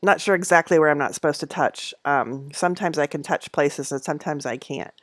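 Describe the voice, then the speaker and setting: A woman's voice: fairly quick, no echo. A middle-aged woman chatting casually at home on a livestream, rambling with many fillers and small laughs. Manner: coos in a high voice at her cats. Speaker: knitting channel host.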